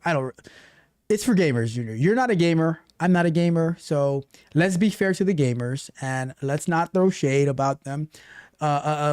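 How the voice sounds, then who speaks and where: A man's voice: on the high side, smooth, dry recording, studio quality. Playful man chatting on a live stream. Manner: playful, teasing, animated. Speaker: tech coach and live streamer. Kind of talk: casual livestream chat, reading chat aloud.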